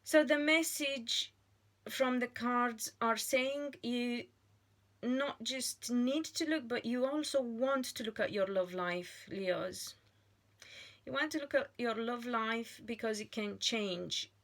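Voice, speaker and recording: A woman giving a tarot card reading in a slow, earnest monologue, pausing often and restarting her phrases. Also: on the high side, fairly bright tone. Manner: slow and deliberate, with frequent pauses and restarts. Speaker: tarot reader.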